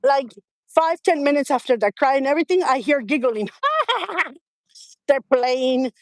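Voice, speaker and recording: A middle-aged woman, a guest on a talk show, telling a family story in a lively way, laughing often and acting out what people said. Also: sits high, unhurried, no room sound. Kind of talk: conversational storytelling.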